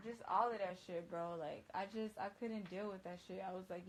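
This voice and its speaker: A woman's voice: medium pitch, steady tone, moderate pace, noisy background. A woman DJ telling a story casually on a phone livestream, talking emphatically and profanely, with constant "like" and "bruh.".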